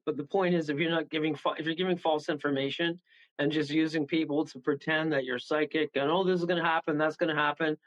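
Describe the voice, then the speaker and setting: A man's voice: a little high, steady tone, fast talker. Chuckling, rambling man on a lo-fi line. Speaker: medium and guest. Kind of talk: casual radio interview chat. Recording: dull lo-fi call audio.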